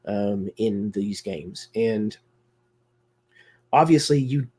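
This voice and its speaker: A man's voice: lowish voice, slow pace, mellow, husky. Man hosting a casual talk, hesitant. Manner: hesitant, many fillers and restarts. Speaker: host. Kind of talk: casual discussion on live video series.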